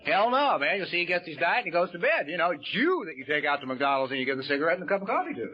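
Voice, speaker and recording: A man's voice: fairly high pitch, sing-song, rapid-fire, crowd noise. A man speaking at a recovery meeting, telling stories in a folksy way with casual swearing and plenty of "you know" and "man". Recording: dull lo-fi tape.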